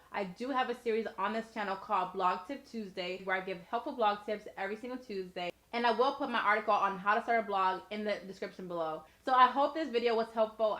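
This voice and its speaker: A woman's voice: medium pitch, fairly bright tone. A young woman giving casual, encouraging advice to her viewers on her vlog. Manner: chatty, encouraging, addresses viewers directly. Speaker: YouTuber and blogger. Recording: echoey room.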